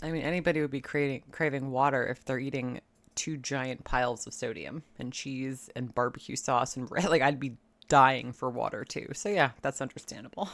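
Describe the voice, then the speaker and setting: A woman's voice: rumbling low, moderate pace. A woman giving casual, sarcastic commentary as she reacts to a video clip. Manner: sarcastic, mocking.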